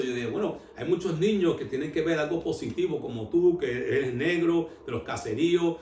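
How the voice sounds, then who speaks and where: Animated New man in his 60s, roomy and distant. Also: fairly high pitch, quick pace, few pauses. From New York. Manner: animated, street slang, mixes in Spanish. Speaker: founder telling his story. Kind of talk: on-camera storytelling interview. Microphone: camera at a distance. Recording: echoey room, voice from off-mic, faint hum.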